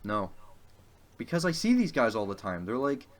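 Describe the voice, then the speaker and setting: A man's voice: mid-range voice, big pitch swings, moderate pace. A young man co-hosting a casual podcast chat. He rambles, hesitates and swears often. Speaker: podcast co-host.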